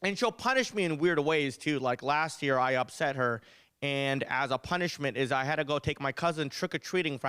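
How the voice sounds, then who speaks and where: A young man doing a stand-up comedy set, telling animated stories with punchy delivery. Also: mid-range voice, clean tone, no echo. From United States.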